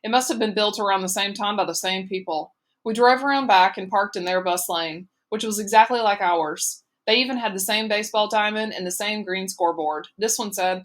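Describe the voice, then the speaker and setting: A woman reading a novel aloud as an audiobook narrator in a steady, measured way. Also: medium pitch.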